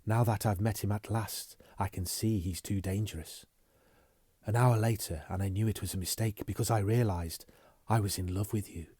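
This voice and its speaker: A man reading a proud young heiress, hushed and soft-spoken, low voice, dry close sound, audiobook. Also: fairly even intonation, normal speed, breathy edge, no echo. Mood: earnest. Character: cool aristocratic young heiress, guarded and proud.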